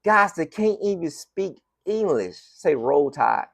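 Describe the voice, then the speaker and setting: Animated Southern man talking sports. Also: fairly high pitch, slow, hardly any pauses, slightly rough, no room sound, studio quality. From Florida, USA. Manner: animated, emphatic, repeats phrases for effect. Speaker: sports podcast host. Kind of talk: casual sports talk monologue. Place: home room with team decorations.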